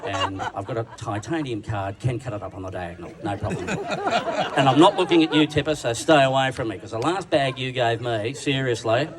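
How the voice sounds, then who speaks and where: An Australian man delivers a crude, bawdy roast into a stage microphone, mocking himself as much as his target. His voice sounds set back from the mic, and a loud dinner crowd laughs and roars around him. His pitch sits in an ordinary middle range. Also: lively intonation, moderate pace, recorded from a distance. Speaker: roast speaker. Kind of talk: stand-up roast speech at a dinner. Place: large function room at a dinner event.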